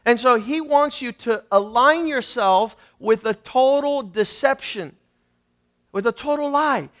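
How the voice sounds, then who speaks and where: A male pastor delivers an emphatic sermon in a strikingly high voice. He calls on the congregation to repeat after him and swings between loud emphasis and quiet asides. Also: measured pace. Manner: emphatic preaching with congregation call-and-response.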